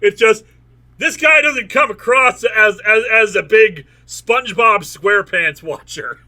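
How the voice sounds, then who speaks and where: A man's voice: high-pitched, a little slow, sharp tone. A man hosting a comedic reading of a novel, reading passages aloud in a mock-dramatic way and breaking off for jokey asides. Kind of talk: comedic book reading with commentary.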